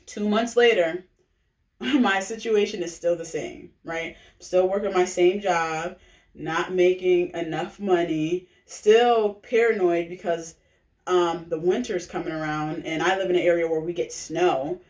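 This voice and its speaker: A woman shares her personal story in a loose, conversational way, leaning on fillers and quick check-ins with her listeners. Her voice sits at a distance from the mic. It bounces around a reverberant room. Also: fairly low pitch, steady tone, darkish tone. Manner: chatty, filler-heavy, keeps asking "right?". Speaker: direct-sales recruiter sharing her testimonial. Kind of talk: casual personal testimonial pitch.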